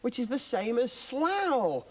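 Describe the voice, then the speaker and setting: A man's voice: very high-pitched, very animated, slow pace. Encouraging Welsh man teaching on kids' TV. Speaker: co-presenter teaching. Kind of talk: children's TV lesson.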